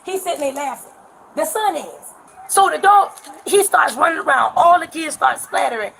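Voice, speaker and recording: A woman's voice: sits high, lively intonation, creaky, fairly bright tone, a little hiss or hum. A woman telling police an agitated, cursing account of a loose dog, recorded on a bodycam. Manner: heated, cursing, rapid storytelling. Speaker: woman being questioned by police. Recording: bodycam audio.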